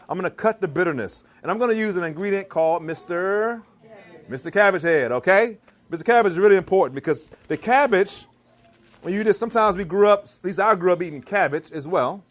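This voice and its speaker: A man from Maryland giving an animated live cooking demonstration in a church hall, teasing and quizzing his audience. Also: sits high. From Maryland, US East Coast. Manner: animated, teasing, asks the crowd questions. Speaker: chef giving a cooking demo.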